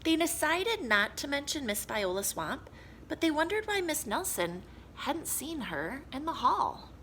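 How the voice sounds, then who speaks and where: A woman reading a children's story aloud for young listeners. Her voice is bright and clear with lively, animated pitch. Her delivery is expressive and warm to the story. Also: a little slow, a little hiss or hum. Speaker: children's book reader.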